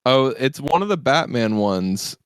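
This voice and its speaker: A man's voice: medium pitch, sing-song, measured pace, clean tone, no echo, clean studio sound. A man co-hosting a casual story-building chat, giggling and filling with "like". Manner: giggly, filler-heavy. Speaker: co-host.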